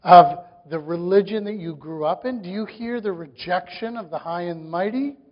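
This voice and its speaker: A man with a high voice delivers a sermon, his emphasis rising through run after run of questions. His voice rings with a long reverb, and the recording has a dull, muffled tone. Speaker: pastor.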